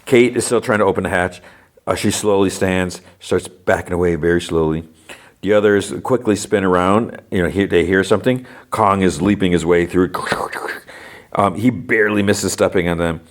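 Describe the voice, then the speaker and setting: Deep-voiced and fairly even in intonation, a male podcaster recaps an episode at a moderate pace. His retelling wanders casually, full of "like" and "you know" fillers.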